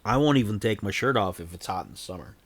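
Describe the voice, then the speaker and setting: A man's voice: on the low side, lively intonation, quick pace, breathy edge. A man in his forties chatting casually on a livestream, rambling with self-deprecating, jokey asides into a desk microphone. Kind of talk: casual stream chat.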